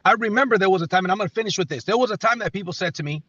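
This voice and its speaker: High, bright-voiced man giving a pep talk. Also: rapid-fire, few pauses, husky, highs cut off. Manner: emphatic, repeats phrases for effect, stumbles and restarts. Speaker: company leader on a team call. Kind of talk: motivational pep talk on a live call.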